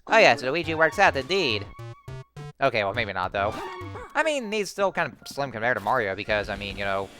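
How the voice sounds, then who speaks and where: A young man giving casual, rambling commentary while playing a video game, with excited outbursts. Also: mid-range voice, a little fast, faint music behind. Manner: rambling, many fillers and restarts, excitable outbursts. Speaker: let's play host.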